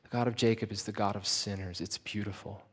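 A man's voice: lowish voice, fairly even intonation, brisk, breathy edge. Impassioned male preacher in a reverberant hall. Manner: impassioned, swinging between loud emphasis and hushed intimacy. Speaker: pastor. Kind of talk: sermon.

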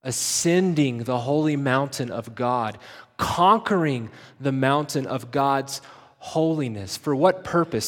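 A man preaching a sermon with passion, rising to loud emphasis and dropping to hushed, intimate lines. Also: mid-range voice, measured pace, long reverb tail. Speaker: pastor.

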